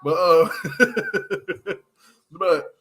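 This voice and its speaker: Man, casual livestream host, high voice, bright tone, laughs a lot, loose slangy retelling. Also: extremely slow, a little hiss or hum. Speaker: show review livestream host.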